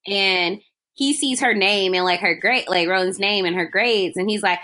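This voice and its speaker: A woman casually retelling a film plot, acting out the characters' lines in a lively, slangy way. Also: mid-range voice, moderate pace. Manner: animated retelling with slangy quoted dialogue. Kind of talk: casual chat.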